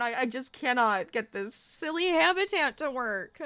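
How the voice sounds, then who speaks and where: A woman's voice: high-pitched, normal speed, a bit bright, clear, resonant tone, dry recording. A young adult woman streaming a game, chatting casually with her viewers and getting exasperated as she plays. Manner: chatty, talks to chat, gets exasperated. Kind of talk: casual gameplay livestream chat.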